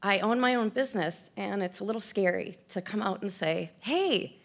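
A woman's voice: mid-range voice, a little fast, vocal fry. A woman in her fifties giving candid, self-deprecating personal remarks at an event, tearful and emotional at times. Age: 50s. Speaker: speaker at an event.

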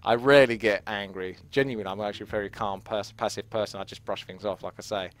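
A man's voice: fairly low pitch, fairly even intonation, fast. A man vlogging about fitness, telling a story in a rambling, candid way and swearing freely. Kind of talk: casual storytelling vlog.

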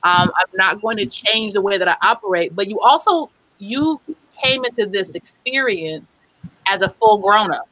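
A woman's voice: mid-range voice, moderate pace, pushed and bright, no echo, rough recording. A woman moderating a live panel discussion, asking long, winding, multi-part questions and often restarting her sentences.

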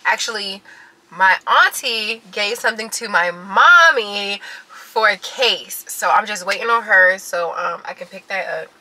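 Chatty bright-voiced mom vlogger. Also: female voice, medium pitch, measured pace, poor audio. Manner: chatty and animated, laughs often, talks to viewers. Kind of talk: casual chatty vlog. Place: in a car, later inside a large store. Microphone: phone on a car mount.

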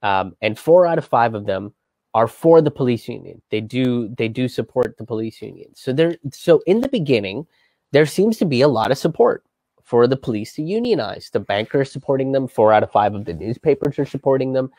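A man at an average pitch talks through history in a casual, meandering way. He leans on ums and likes, and drops in sardonic, sometimes profane asides. His voice sounds close and dry, with no room echo. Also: lively intonation, fairly quick, darkish tone. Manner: loose and rambling, heavy on fillers, wry and profane. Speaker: comedian and show host.

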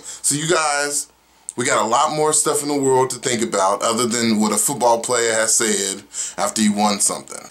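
A young man from Oklahoma hosting his own vlog, ranting casually with lots of swearing and rambling asides. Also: mid-range voice. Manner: profane, animated, rambling. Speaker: vlog host. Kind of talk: casual opinion rant.

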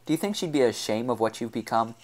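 A man's voice: mid-range voice, lively intonation, quick pace, lightly acted. A man reading the part of a troubled young woman in an audiobook, with a trembling, scornful delivery. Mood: bitter.

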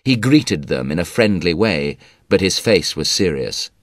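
Deep-voiced male audiobook narrator. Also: dry recording, studio quality. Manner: measured, even storytelling.

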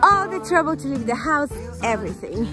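A woman's voice: sits high, big pitch swings, a little fast, music in the background. A woman chatting casually in an outdoor vlog while talking to her baby. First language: Portuguese. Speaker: vlogger. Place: outdoors at a park.

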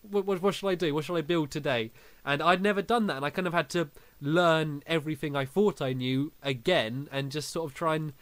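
A young man hosts a casual podcast, telling stories animatedly and laughing often. His voice is on the high side and a bit bright, with no room sound.

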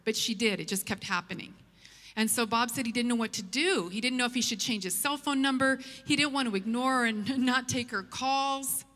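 Woman giving a sermon, funny storytelling, sharp bright tone, big echoey church. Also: fairly high pitch, normal speed. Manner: lively, humorous anecdote telling. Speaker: church speaker. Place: church auditorium.

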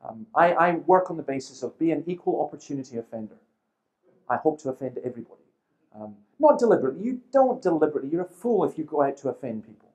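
Man in his fifties telling lively anecdotes. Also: a little high, fast, poor audio. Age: 50s. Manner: lively storyteller who acts out quoted people, with dry humour. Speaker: seminar speaker. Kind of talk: seminar talk with anecdotes.

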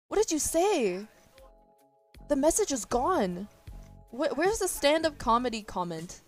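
Young woman streamer, giggly, rambling anecdotes, faint music bed. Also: medium pitch. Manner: laughs often, lots of fillers and restarts. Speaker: livestreamer. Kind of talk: casual chat storytelling.

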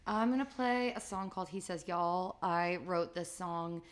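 A woman's voice: on the low side, unhurried. A woman from New York City, a singer-songwriter guest, talking casually and self-deprecatingly in a house. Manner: relaxed and self-deprecating, laughs easily. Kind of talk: casual interview chat. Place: a house in Nashville.

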